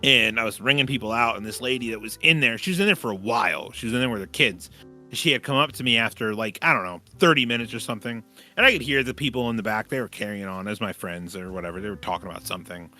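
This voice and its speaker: A man co-hosting a podcast, chatting casually and telling animated stories, swearing freely and acting out the people he quotes. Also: on the low side, quick pace, soft background music. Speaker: podcast co-host. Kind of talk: casual chat.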